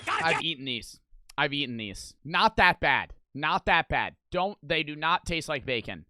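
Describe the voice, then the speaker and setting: A young man casually reacting to old commercials, loud and ranting, with a lot of swearing. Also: a little high, big pitch swings, measured pace, slight background noise.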